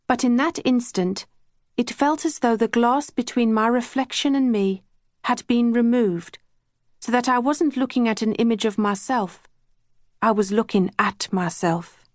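A woman reading a first-person novel aloud, measured and even, on a close studio mic. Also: on the high side, dry recording. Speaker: audiobook narrator. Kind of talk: scripted narration.

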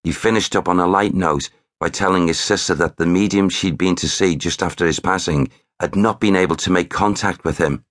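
Deep-voiced male memoir narrator, measured, dry studio read. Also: fairly bright tone, dry recording. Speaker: author and narrator.

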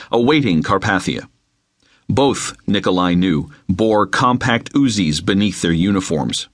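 A man reading an unabridged novel aloud, with measured, dramatic storytelling into a close mic. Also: fairly low pitch, a bit bright, slightly rough, no room sound. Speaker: audiobook narrator. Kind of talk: scripted narration.

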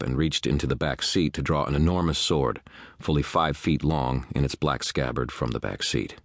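A man's voice: extremely low pitch, no room sound. A man narrating a first-person detective audiobook in a wry, grumbling manner, close to the mic. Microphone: close studio mic.

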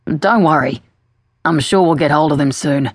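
A woman's voice: low voice, moderate pace, slightly rough, dry recording. A woman voicing a brutish male police detective who talks in a soothing, patronizing way.

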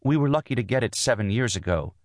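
A man's voice: medium pitch, sing-song, brisk, no room sound, clean studio sound, voice pushed up, close to an everyday voice. A man narrating an audiobook voices a tense young wife and mother, earnest and insistent as she pleads her case. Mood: earnest, pleading. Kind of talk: audiobook dialogue.

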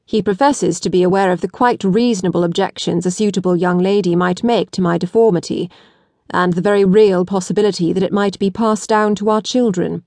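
Casting: a woman doing a blunt young nobleman, calm and measured, in a dry, close recording. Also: fairly low pitch, dry recording, close to an everyday voice. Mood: calm, businesslike. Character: cool, blunt aristocratic young man.

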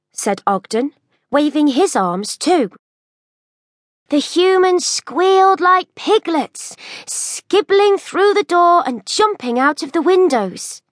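A woman reads a children's story aloud in a high, animated voice. She tells it slowly and expressively, in a dry, close recording. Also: dry recording. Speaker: audiobook narrator. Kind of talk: children's audiobook narration.

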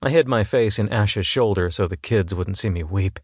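A man reading a novel aloud in first person, telling it in a measured, emotionally engaged way on a close studio mic. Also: lowish voice, breathy edge, no echo. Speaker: audiobook narrator. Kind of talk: first-person scripted narration.

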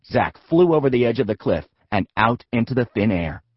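A man reads a comic children's audiobook with a slightly husky voice. His pitch is animated and playful as he tells the story. The recording is dry and a bit dull. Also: moderate pace, no room sound. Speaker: audiobook narrator. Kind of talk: comic kids' audiobook narration.

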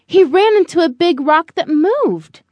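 Lady reading a kids' book, slow and lively, high voice, dry studio. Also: no echo. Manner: expressive, storytelling. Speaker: narrator. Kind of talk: children's audiobook narration.

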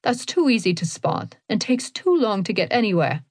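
A calm, commanding old woman with a German accent, as a woman narrator puts her on. She lays out each point in an even, measured way. The sound is dry and close. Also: mid-range voice, dry recording.

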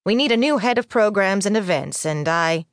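A woman's voice: medium pitch, lively intonation, moderate pace, clean tone, no echo, clean studio sound, natural voice. A woman voicing a sullen, reluctant middle-aged female head librarian who speaks in a stiff, grudging way.

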